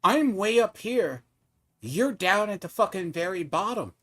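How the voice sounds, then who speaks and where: Taunting man with a slightly high voice. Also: lively intonation, measured pace, a bit bright. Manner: taunting, mocking, swears freely. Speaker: game streamer. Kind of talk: casual live-stream trash talk.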